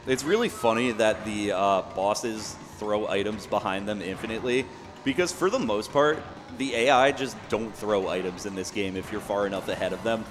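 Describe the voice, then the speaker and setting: A young man casually explaining his own speedrun as he plays, relaxed and full of fillers. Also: fairly low pitch. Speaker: speedrunner commentating his run. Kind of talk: casual live commentary. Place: event venue. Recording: long hall reverb, faint background noise.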